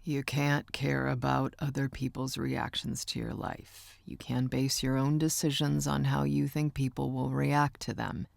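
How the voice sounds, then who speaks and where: A woman narrator voicing a gentle older uncle in an audiobook, speaking in a low, hushed, comforting way. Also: flat delivery, a little slow, gravelly, few pauses, dry recording, heavily acted. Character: gruff gentle uncle, older man, soft-spoken. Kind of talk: audiobook character voice.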